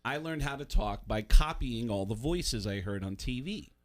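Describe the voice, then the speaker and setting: A man from the Bronx, a comedian and voice actor, telling stories as a radio guest in a lively way, slipping into voices. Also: medium pitch, normal speed. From the Bronx, New York. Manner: animated storyteller, slips into voices. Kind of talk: casual radio interview storytelling.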